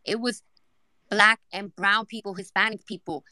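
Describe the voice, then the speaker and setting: A woman's voice: mid-range voice, fairly even intonation, normal speed, no room sound. Outspoken woman with a New York accent, direct and no-nonsense, recorded dry. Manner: blunt and forceful. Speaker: guest speaker. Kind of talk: outspoken casual talk.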